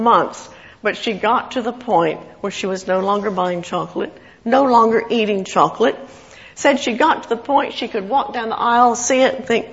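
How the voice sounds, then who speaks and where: Female preacher, storytelling sermon, mid pitch, slightly muffled audio with long hall reverb. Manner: storytelling with acted quotes, warm chuckles.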